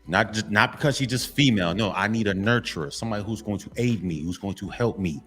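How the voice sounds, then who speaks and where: A man's voice: lowish voice, quick pace, faint music behind. A man giving a preachy, emphatic monologue to men, repeating himself and addressing them again and again. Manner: emphatic, repetitive, keeps saying gentlemen. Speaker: motivational vlogger.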